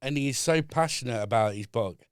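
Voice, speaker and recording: Man, podcast guest, measured and explanatory, mid-pitched voice, dry close sound. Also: smooth, dry recording. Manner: measured, explaining step by step with many fillers. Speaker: podcast guest, business consultant. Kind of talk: casual chat. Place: podcast studio.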